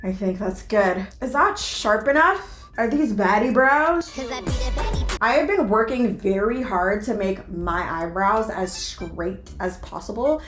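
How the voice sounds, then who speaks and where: A young beauty vlogger chats playfully through a casual makeup tutorial, tossing in self-mocking asides. Her mid-range voice is slow and a bit bright with lively intonation, and the echoey room has background music.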